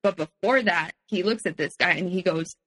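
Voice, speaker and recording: A woman on a podcast recounting a personal experience candidly, in a steady conversational way with frequent "um" fillers. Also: lowish voice, moderate pace, slightly rough, poor audio. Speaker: podcast guest.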